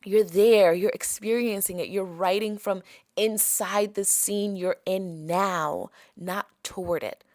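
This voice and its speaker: A woman's voice: medium pitch, fairly even intonation, slow pace, a little mellow, no echo, clean studio sound. A woman from Africa with an African accent, hosting a podcast and teaching in a coaxing way that keeps checking in with her listeners. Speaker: podcast host. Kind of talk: motivational teaching talk.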